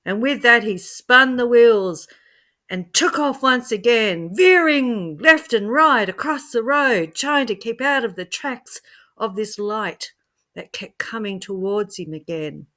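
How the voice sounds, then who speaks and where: A woman telling a scary story in an expressive way, swinging from hushed to loud. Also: on the high side, slow. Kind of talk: dramatic spoken storytelling.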